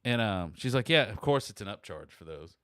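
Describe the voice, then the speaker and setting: A man's voice: a little fast, dry recording, clean studio sound. A middle-aged man hosting a podcast, telling a long story in casual chat and acting out the people he quotes. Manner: animated, acts out quoted people with rising pitch. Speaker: podcast host.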